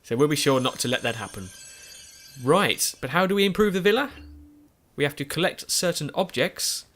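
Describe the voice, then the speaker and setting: A man's voice: fairly high pitch, lively intonation, moderate pace, fairly bright tone. A young man with a cold and a nasal voice, giving rambling, self-correcting let's play commentary while gaming at home. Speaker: gaming YouTuber.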